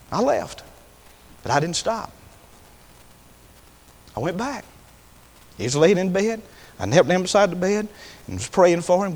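A preacher with a strikingly high, lively voice delivers a revival sermon. He drops to hushed storytelling, then rises to shouted, stretched-out calls. A long church-hall reverb trails his words. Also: normal speed, long pauses. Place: church sanctuary.

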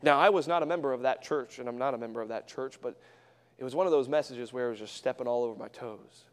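A man preaching a sermon as a traveling missionary, swinging from hushed storytelling to loud, fervent exhortation in a church. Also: medium pitch, fast talker, smooth, big-room sound. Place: church sanctuary.

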